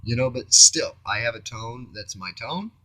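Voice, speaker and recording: A man rambling through a spiritual self-reflection, musing aloud, with his voice shifting between loud and hushed. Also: mid-range voice, expressive, normal speed, no room sound. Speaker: vlogger. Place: home on Maui.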